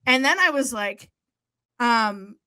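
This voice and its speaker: A young woman co-hosting a podcast, telling a story in casual chat, animated and swearing freely as she acts out what people said. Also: on the high side, slow, clean tone, no echo. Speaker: podcast co-host.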